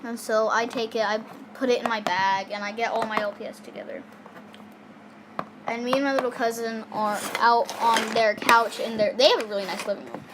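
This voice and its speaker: A woman's voice: on the high side, fairly even intonation, fairly quick, background noise. A girl casually telling a personal story in a rambling way, with many fillers and restarts.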